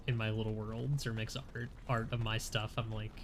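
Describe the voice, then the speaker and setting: A man's voice: on the low side, flat delivery, normal speed, slight background noise. A man streaming a game, congested, chatting casually and joking at his own expense. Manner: chatty, self-deprecating. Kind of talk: casual gameplay commentary. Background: game music.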